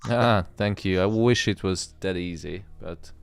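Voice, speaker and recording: A man's voice: sits low, a little slow, vocal fry, clean tone, no echo. A man hosting a trading livestream in casual chat, joking and hyped, swearing freely as he talks to viewers. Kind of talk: casual live-stream chat.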